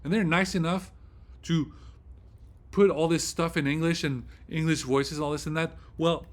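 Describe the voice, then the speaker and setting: Guy ranting on his vlog, kinda high voice, swears a lot and rambles. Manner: excitable, profane and rambling. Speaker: vlog host. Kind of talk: casual vlog rant.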